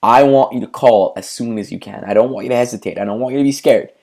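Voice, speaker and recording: A man's voice: mid-range voice, quick pace, vocal fry, darkish tone. A man coaching business owners, speaking emphatically in repeated lists of instructions, with frequent stammered restarts. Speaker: marketing coach for martial arts schools. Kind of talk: instructional talk to school owners.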